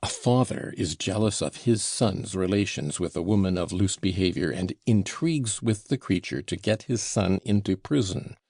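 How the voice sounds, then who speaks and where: A man voicing a humiliated gentleman who protests hotly and defensively. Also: low voice, creaky, breathy edge, dry recording, studio quality, exaggerated voice.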